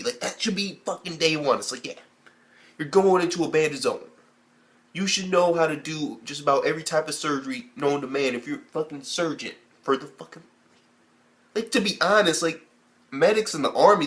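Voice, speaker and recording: Young male anime reviewer, casual and foul-mouthed, animated, leaps into high-pitched reactions. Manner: animated, heavy swearing, acts out characters in high squeaky bursts. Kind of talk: casual profane video review.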